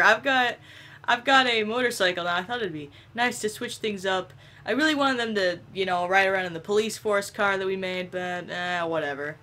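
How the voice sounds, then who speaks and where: A young woman giving casual, excitable gameplay commentary, swearing and laughing often. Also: medium pitch, moderate pace, slight background noise. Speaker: gameplay video creator.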